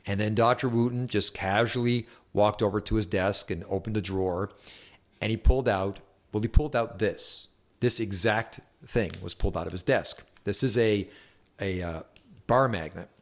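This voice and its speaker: A chiropractor telling a story to camera in a relaxed, anecdotal way with wry asides. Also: male voice, on the low side, moderate pace. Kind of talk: storytelling health talk to camera.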